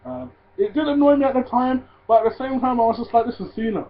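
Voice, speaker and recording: A man casually reviewing a wrestling show, swearing freely and ranting in loud disbelief. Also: very high-pitched, steady tone, quick pace. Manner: profane, ranting, gets loud and incredulous. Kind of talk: casual solo review vlog. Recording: tinny phone-like audio.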